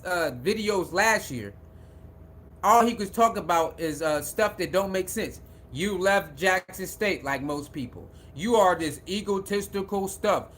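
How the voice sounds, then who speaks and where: A man runs a casual sports live stream with a high, bright voice. He circles back over the same points again and again and breaks off to greet viewers in the chat. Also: slight background noise.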